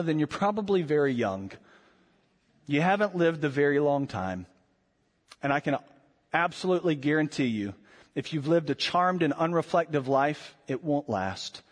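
A man preaching a sermon earnestly, his voice swelling at emphatic points and dropping low and quiet elsewhere. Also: big-room sound. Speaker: pastor.

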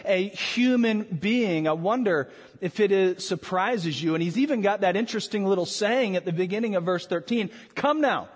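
A man preaching a sermon as pastor, animated and rhetorical, with dramatic pauses. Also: high-pitched. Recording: long hall reverb.

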